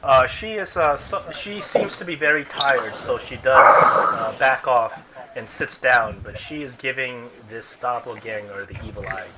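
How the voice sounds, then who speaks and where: Relaxed male game master. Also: mid-range voice, a little slow, muffled recording, background noise. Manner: relaxed narration with fillers. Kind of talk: narrating a tabletop game.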